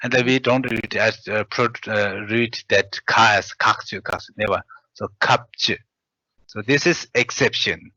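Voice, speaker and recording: A man teaching a language class, spelling out syllables one at a time in a slow, halting way. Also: lowish voice, sharp tone, no echo. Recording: dull lo-fi sound.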